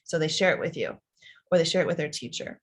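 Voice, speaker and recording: A woman's voice: low-pitched, fast. A woman in her thirties giving parenting advice in a conversational way, acting out little dialogues between parent and child. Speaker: parenting expert. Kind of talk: advice talk answering parents' questions.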